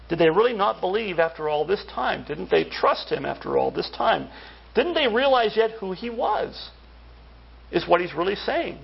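A man's voice: sits high, big pitch swings, normal speed, gravelly, husky, dull audio. A man preaching a sermon in a conversational way, asking his listeners many rhetorical questions. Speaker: pastor.

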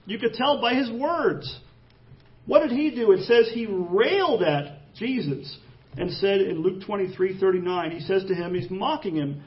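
A man's voice: sits high, far from the mic. A man preaching an expository sermon, reading scripture aloud and pressing the points with rising emphasis. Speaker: pastor. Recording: dull lo-fi sermon audio.

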